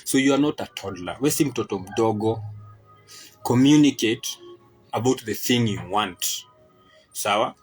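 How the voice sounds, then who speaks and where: A young Kenyan man with a Kenyan accent, switching between English and Swahili in a casual opinion monologue. He talks in an animated, exasperated way. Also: fairly low pitch, unhurried, long pauses, breathy edge, faint music behind, rough recording. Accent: Kenyan English with Swahili and Sheng code-switching. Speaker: podcast host.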